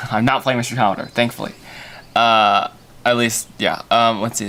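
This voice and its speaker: A man's voice: medium pitch, flat delivery, moderate pace, pushed and bright. A young man hosting a casual livestream while storyboarding, thinking aloud with self-mocking asides and many fillers. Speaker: animator and livestream host.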